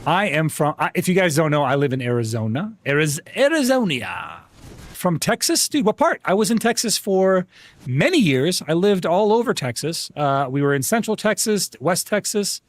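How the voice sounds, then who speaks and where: Lively, chatty male game streamer. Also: moderate pace. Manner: chatty, friendly, greets viewers by name; rambling restarts, animated jumps in pitch. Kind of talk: casual live-stream chat while gaming.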